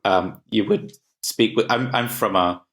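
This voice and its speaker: A man's voice: on the low side, unhurried, fairly bright tone. A man from Germany co-hosting a podcast, talking thoughtfully with hedges and laughing along with the others. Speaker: podcast co-host. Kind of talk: casual podcast chat.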